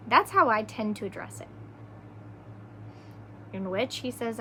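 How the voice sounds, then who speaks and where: A woman's voice: fairly high pitch, animated, unhurried, long pauses, pushed and bright, a little hiss or hum. A woman hosting a podcast, talking earnestly in a casual way and giving relationship advice, often tagging her points with "right?". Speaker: podcast host. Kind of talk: casual solo podcast talk.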